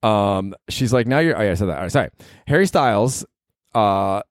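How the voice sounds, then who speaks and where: A man's voice: lowish voice, expressive, normal speed, dry recording, clean studio sound. A young man hosting a comedy podcast, rambling and cursing in a self-mocking way. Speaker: podcast host. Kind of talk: casual comedic monologue.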